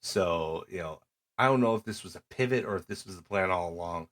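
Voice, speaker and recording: A middle-aged man with a deep voice and a brisk delivery co-hosts a podcast. He recaps matches in relaxed conversation, storytelling with animation and acting out the wrestlers' lines.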